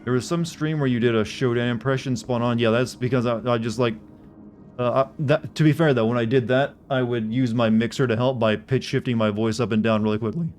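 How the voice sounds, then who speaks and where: A man's voice: mid-range voice, fairly even intonation, fairly quick, darkish tone, faint music behind. Rambling man streaming a game. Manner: rambling, self-correcting, chatting with viewers. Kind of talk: casual live gameplay commentary.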